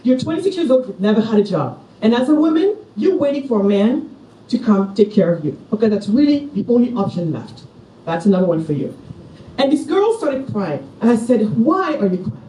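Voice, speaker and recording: A woman's voice: on the high side, very animated, fairly quick, mellow, a little hiss or hum. A middle-aged woman from Senegal giving a passionate, personal keynote speech at a conference. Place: large conference hall. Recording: echoey hall from far off, faint ambience.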